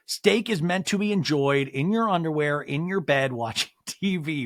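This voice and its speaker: An excitable man hosting a podcast, his voice sitting a little high as he chats with lots of energy and laughter. He breaks into exaggerated impressions whenever he quotes someone. The sound is close and dry, with no room around it. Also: moderate pace, hardly any pauses, no echo. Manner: animated, excitable, laughs often; jumps into exaggerated voices when quoting people. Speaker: podcast host. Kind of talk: casual chat recapping a TV episode.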